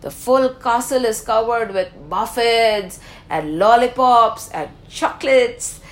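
A woman, animatedly telling a story to children with exclamations and questions. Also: fairly high pitch.

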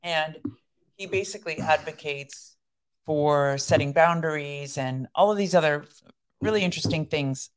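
A woman co-hosting a faith podcast, chatting and explaining ideas at length. Her voice sits very low for a woman. She laughs easily between points. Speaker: podcast co-host. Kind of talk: casual chat.

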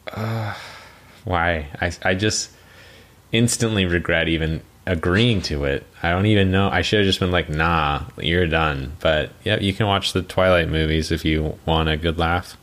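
A young man co-hosting a podcast in casual chat, telling stories with swearing and sudden high mocking voices. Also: moderate pace. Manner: animated storytelling, swearing, jumps into high mocking voices for quotes. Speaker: podcast co-host.

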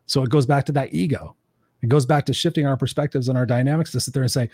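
Fast-talking husky man hosting a chat. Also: medium pitch, dry recording. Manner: animated, swears freely, acts out quoted voices. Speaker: podcast host. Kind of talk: casual coaching conversation.

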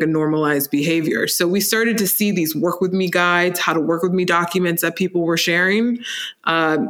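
A woman in her thirties, a company co-founder, telling her career story in an interview, animated and laughing easily as she acts out what others said. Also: fairly low pitch. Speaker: startup co-founder, guest.

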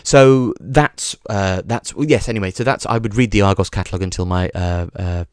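A man hosts a podcast, delivering a rambling, funny monologue riddled with swearing and stumbling restarts. His voice is on the low side, smooth and brisk. The studio-quality recording has no room sound.

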